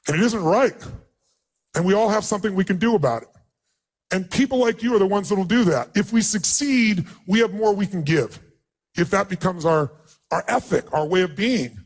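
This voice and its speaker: A man's voice: high-pitched, expressive, normal speed, some chatter behind. A man telling a personal story as a motivational speaker, emotional and emphatic, acting out quotes.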